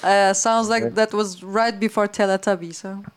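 A woman's voice: mid-range voice, steady tone, moderate pace, clear, resonant tone. A woman co-hosting a stream in casual chat, playful and game for silly bits.

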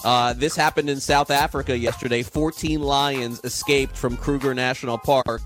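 A man's voice: mid-range voice, steady tone, normal speed, a bit bright, soft background music. A man hosting a fantasy baseball show, talking in a casual, easygoing way with some hesitation. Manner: easygoing, hesitant, lots of fillers and restarts. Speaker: podcast host. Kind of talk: casual chat.

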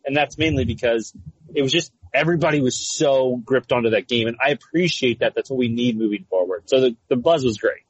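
A man's voice: medium pitch, fairly quick, husky, no room sound. A man in his thirties co-hosting a casual sports chat, telling stories with lots of fillers and restarts. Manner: rambling, animated storytelling with frequent fillers. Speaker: podcast co-host. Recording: slightly dull lo-fi sound.

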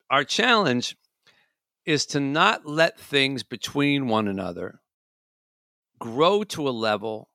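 A man's voice: mid-range voice, vocal fry, no echo, clean studio sound. A man co-hosting a casual talk show, telling stories and acting out exaggerated quotes. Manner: animated storyteller, acts out exaggerated quotes. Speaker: co-host.

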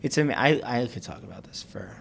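A man interviewing a guest in a relaxed, chatty way, laughing along easily. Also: medium pitch, quick pace, vocal fry, husky. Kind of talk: casual conversation.

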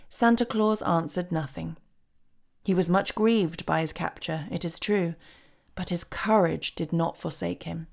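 A woman narrating a storybook in a steady, measured reading voice. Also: on the low side, vocal fry.

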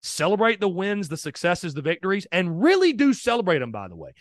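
Male podcast host, slightly high voice, dry close sound, lively opinionated delivery. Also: fairly quick, dry recording. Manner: energetic, opinionated, addresses listeners as guys. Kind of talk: sports podcast monologue.

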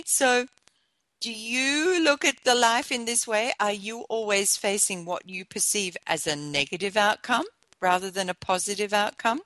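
Woman host, motivational talk, gentle encouragement, conversational asides, dry close sound, slow. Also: mid-range voice, no echo. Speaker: show host.

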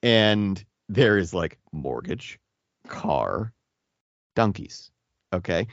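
A man's voice: sits low, very animated, very slow, vocal fry, no echo. A man with a Boston accent, chatting as a podcast guest over a video call, ranting in a fired-up, joking way. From Boston area. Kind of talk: casual chat. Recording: dull dry call audio.

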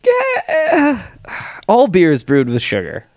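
Giggly man with a lively voice. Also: medium pitch, no echo, clean studio sound. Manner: upbeat, giggly, quick to laugh. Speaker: podcast co-host. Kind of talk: casual chat.

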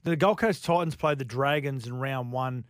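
A man's voice: medium pitch, moderate pace, no room sound, clean studio sound. A man with an Australian accent co-hosting a radio sports show, giving enthusiastic analysis in long explanatory runs. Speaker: radio sports co-host and former player.

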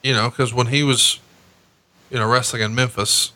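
A man's voice: steady tone, normal speed, sharp tone. A man hosting a podcast, teasing his co-host crudely and recapping old matches. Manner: teasing, crude, jumps in pitch when joking. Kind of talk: casual podcast banter and recap.

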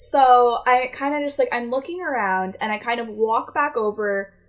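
A young woman casually telling a long story on a chat podcast, animated and acting out the people she met. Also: on the high side, moderate pace, highs cut off.

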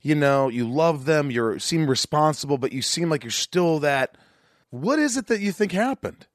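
A man's voice: on the high side, animated, normal speed, dry recording, studio quality. A man hosting a podcast, asking questions and reflecting earnestly in casual conversation. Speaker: podcast host. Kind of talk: casual interview chat.

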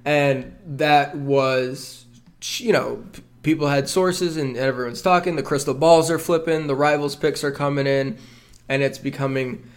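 A man of middling pitch hosting a sports podcast, talking in a steady, measured way. He keeps things on track with an even, plain delivery. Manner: steady, measured, runs the show's agenda. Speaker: podcast host.

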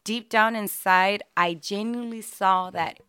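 A woman's voice: mid-range voice, unhurried, pushed and bright, clear, resonant tone, no room sound, clean studio sound. A woman, a pastor and marriage mentor, speaking sincerely and steadily in a casual conversation.

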